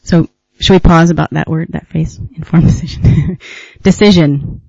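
A man giving a reflective talk as a retreat teacher, musing unhurriedly with gentle laughs and pauses. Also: a little high, fairly even intonation, creaky, no room sound, muffled recording. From United States.

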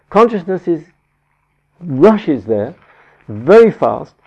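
A man teaching a Buddhist dharma talk, halting and searching for words with frequent restarts, on a dull lo-fi recording. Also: medium pitch, very animated. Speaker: meditation teacher.

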